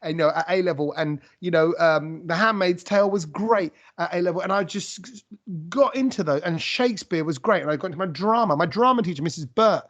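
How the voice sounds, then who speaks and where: A man hosting a podcast, telling stories in a rambling, animated way with lots of restarts. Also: high-pitched, brisk, muffled recording. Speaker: podcast host. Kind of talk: casual conversational interview.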